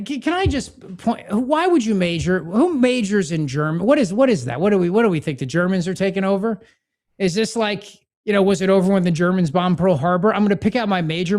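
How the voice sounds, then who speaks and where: Talk show host guy, kinda high voice, sarcastic, mocking, fed up. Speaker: podcast host. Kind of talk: political talk show banter.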